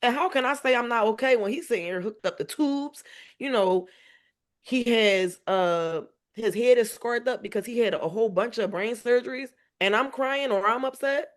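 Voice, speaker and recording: A woman's voice: on the high side, normal speed. A mother guesting on a podcast interview, telling stories about her son, laughing often and acting out remembered dialogue. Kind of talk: emotional podcast interview storytelling.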